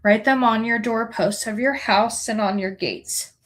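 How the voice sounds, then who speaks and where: A woman reading scripture aloud in an earnest, unhurried way, now and then correcting a word. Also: a little high, a bit bright, rough recording. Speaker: scripture reader.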